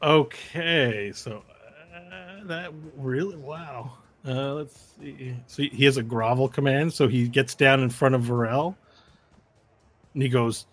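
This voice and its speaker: A man's voice: mid-range voice, unhurried, no room sound. A man narrating a tabletop game as game master, laid-back and often laughing.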